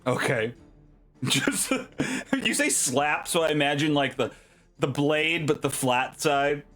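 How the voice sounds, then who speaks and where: A man narrating as game master of a tabletop game, animated and quick to react with laughs and exclamations. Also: on the high side, faint music behind.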